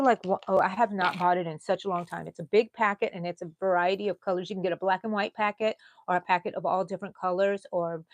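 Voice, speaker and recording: A woman of sixty with a Texan accent, hosting a live crochet stream in a casual, chatty way and dropping to low mutters and whispers as she counts stitches. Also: a little mellow, dry recording. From Texas. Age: 60s.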